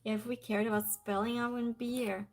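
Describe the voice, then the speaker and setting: A woman's voice: a little high, flat delivery, a little fast. A woman hosting a trivia live stream in a casual chat style, reading viewer comments aloud and greeting viewers by name. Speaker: trivia night stream host.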